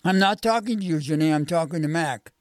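A reader doing a flustered schoolteacher who keeps losing track of her class, her voice lifted a little higher than plain narration. The sound is dry and close, with mid-range pitch. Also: fairly quick, dry recording, natural voice. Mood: puzzled. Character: teacher, a woman, easily flustered.

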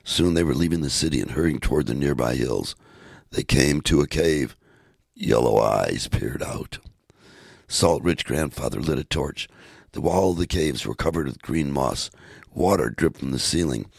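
A man reading a storybook aloud in a measured, steady way. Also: extremely low pitch, gravelly, breathy edge, no room sound, clean studio sound. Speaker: narrator.

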